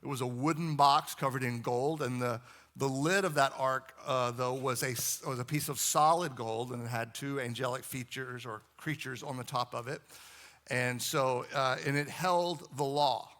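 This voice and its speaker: A man's voice: mid-range voice, fairly even intonation, normal speed, a bit bright. A man who is a pastor, preaching a sermon in a conversational, storytelling way, with asides to the congregation.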